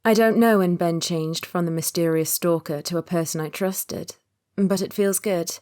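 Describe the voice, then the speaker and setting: A woman narrating a romance audiobook in the first person, in a calm, measured read. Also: fairly low pitch.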